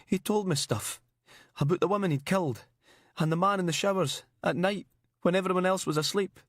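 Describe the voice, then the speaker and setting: A man voicing a creepy imprisoned killer with a put-on English accent that slips into Aberdonian, smug and slow, then whiny. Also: mid-range voice, sing-song, no echo, studio quality. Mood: whiny, rattled. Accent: put-on English slipping into Aberdonian. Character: creepy male killer prisoner, slithery and childish.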